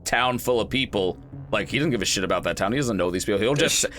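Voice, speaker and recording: A man's voice: lowish voice, animated, fast talker, fairly bright tone. A man who hosts the channel, playing in a tabletop game and chatting casually, rambling and breaking into laughter. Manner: rambling, laughing, stops and restarts. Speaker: player and channel host.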